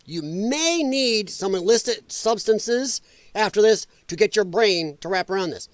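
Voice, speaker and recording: A man's voice: high-pitched, lively intonation, a little slow, dry recording. A male livestream host giving blunt, mocking political commentary with a casual, ranting delivery.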